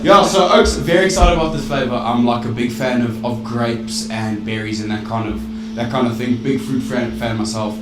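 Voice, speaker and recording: A man, hosting a casual podcast and chatting in a relaxed, hesitant way, swearing freely. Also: mid-range voice, normal speed, hardly any pauses, very noisy. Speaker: vape shop owner and podcast host. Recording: roomy live recording from a distance, loud music behind.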